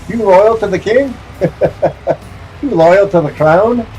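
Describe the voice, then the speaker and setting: A bullying redcoat soldier, as a man puts him on, firing taunting questions in a voice that jumps up high. Faint music plays behind him. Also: extremely slow, dark tone, rough recording. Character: bullying redcoat soldier, male adult, interrogating.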